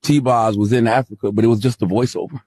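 An American man talking on a casual podcast, telling a travel story with emphasis and briefly jumping into high-pitched impressions. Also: steady tone, fast talker, a little mellow, dry recording. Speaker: podcast co-host.

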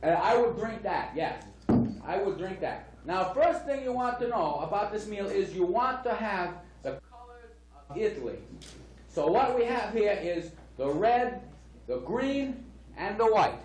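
A man's voice: sits high, lively intonation, a little slow, background noise. A man voicing a hammy male TV chef who puts on a phony Italian accent and chats boastfully through a spoof cooking segment. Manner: chatty, boastful, laughing at his own jokes.

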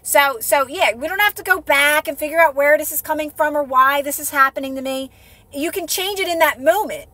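An earnest woman coaches her viewers on a live phone stream. Her voice sits high and bright. The sound is close and dry, and she keeps checking in with listeners as she repeats her point. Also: a little fast, dry recording. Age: adult with a child. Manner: earnest, repetitive, coaching with frequent "right?". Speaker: manifestation coach. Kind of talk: casual live-stream talk.

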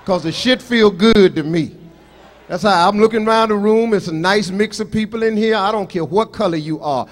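Brash high-voiced stand-up comedian man. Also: normal speed. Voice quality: brash, profane, boastful. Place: live comedy show on stage.

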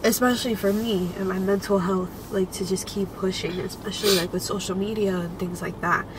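A young woman on a couple's vlog, speaking in a tearful, halting way with many fillers. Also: medium pitch, fairly even intonation. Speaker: couple vlogger. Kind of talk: casual chat. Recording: clear background noise.

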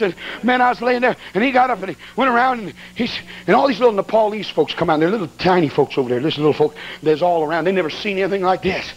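Preaching a sermon, an evangelist tells a funny story in a folksy, colloquial, excitable style. His voice is high, with a little hiss or hum on the recording.

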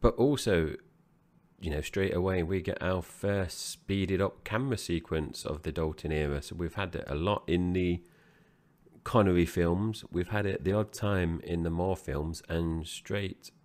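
A man's voice: low voice, a little slow, a little mellow. A man co-hosting a film review podcast, chatting casually and rambling with frequent restarts. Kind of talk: casual chat.

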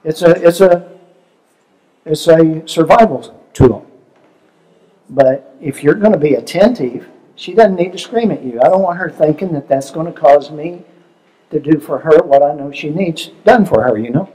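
A man's voice: on the high side, animated, moderate pace, dark tone, rough recording. An older man speaking as a seminar presenter, telling stories in a conversational way and asking the audience questions. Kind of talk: relationship seminar talk.

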